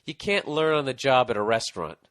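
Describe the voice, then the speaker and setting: A man's voice: mid-range voice, brisk. A man hosting a comedy podcast, reading out a listener's letter and telling stories in a profane, ranting way. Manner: profane, ranting, animated storytelling. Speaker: podcast host.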